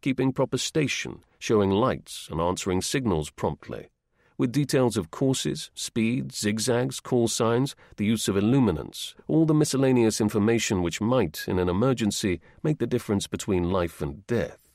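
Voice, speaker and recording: A man narrates an audiobook in a measured, steady manner. His voice sits on the low side and carries a gravelly rasp. The recording is dry and close, with no room sound. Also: no echo. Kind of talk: scripted narration.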